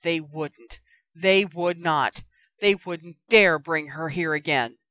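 A tired, brooding teenage boy, voiced by a woman narrator, flat and resigned in delivery. The voice is lowish and recorded dry. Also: slow pace, no room sound.

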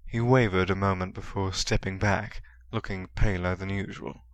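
A man narrating a story in a steady storytelling manner. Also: low-pitched, moderate pace, lo-fi sound. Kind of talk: fan reading of a story.

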